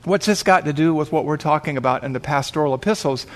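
Pastor guy telling a dramatic story in a sermon, voice a bit on the high side. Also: fast.

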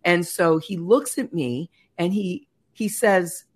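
A woman's voice: on the low side, takes it slowly, husky. Earnest woman telling a faith story. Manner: earnest, animated storytelling with many fillers. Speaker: talk show host. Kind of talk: personal faith story on a women's talk show.

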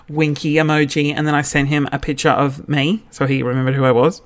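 A man's voice: a little high, a little fast, fairly bright tone. A man, telling a story in a chatty, self-mocking podcast monologue. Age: 30s. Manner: chatty and self-mocking, with campy quoted voices. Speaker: podcast host.

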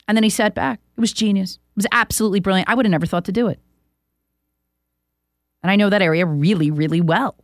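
A woman's voice: medium pitch, expressive, quick pace, no room sound, clean studio sound. Emphatic opinionated woman radio host. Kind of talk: political commentary monologue.

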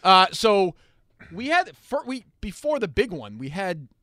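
A man's voice: sits high, sing-song, pushed and bright, no echo. A man who hosts a radio show, joking and teasing his co-host in casual chat at a studio microphone. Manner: quick, teasing banter.

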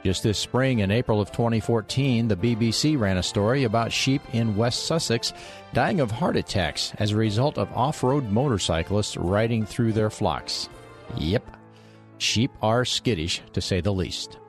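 A man with a low voice hosting a radio Bible program. He reads a scripted introduction and drops in light humorous asides. Soft music plays faintly underneath. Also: normal speed.

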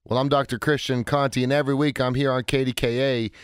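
A man in his forties hosting a call-in radio show, talking in an energetic, chatty way with a hoarse, cracking voice. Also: mid-range voice, fast, dry recording, studio quality. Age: 40s. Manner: energetic, chatty, self-interrupting. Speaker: radio talk show host.

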